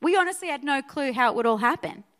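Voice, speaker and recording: A woman pastor preaching a sermon to her church, energetic and conversational, often checking in with her listeners. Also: high voice, fast. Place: church auditorium.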